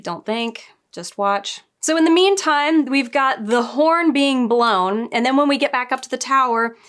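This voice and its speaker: A woman giving a casual spoken review, chatty and digressive, often laughing and adding quick asides. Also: high voice, a bit bright. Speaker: book and show reviewer.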